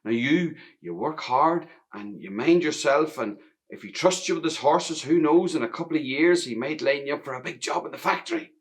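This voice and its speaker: A proud, eager working-class mother, as an actor puts her on in a Northern Irish accent. Her voice lifts high and urges on, as in a one-man stage play. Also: normal speed, lightly acted.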